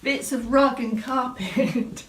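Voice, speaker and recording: A woman's voice: sits high, slow pace, a little hiss or hum. A woman fitness instructor, chatting and greeting viewers by name at the start of a live online exercise class from a home room. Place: home room set up as studio.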